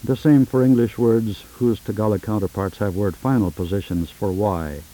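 A man speaking in a measured, precise way while leading a formal phonetic session, on an old 1970s tape recording. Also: fairly low pitch, steady tone, warm tone, poor audio. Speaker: linguist interviewer.

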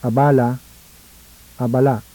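A man's voice: medium pitch, flat delivery, a little slow, dark tone, poor audio. A man from the Philippines who carefully pronounces single words in a clipped way for a language session, on a hissy old 1970s tape. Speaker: language informant.

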